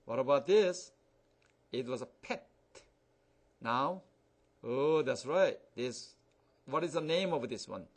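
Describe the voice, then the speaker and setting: A man teaching an English phonics lesson, repeating each example word slowly and using simple phrasing. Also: mid-range voice, animated. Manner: slow, repeats words, drawn-out examples.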